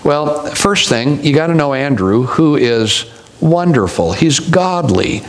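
A man's voice: on the high side, lively intonation, slow, slight background noise, rough recording. A male pastor preaching a sermon, telling stories with wry humorous asides.

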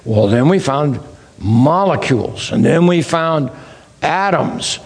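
A man's voice: on the high side, slow pace. A man giving a sermon-style lecture, telling folksy stories and exclaiming in wonder. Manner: folksy storytelling, animated and exclaiming. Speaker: creation science speaker.

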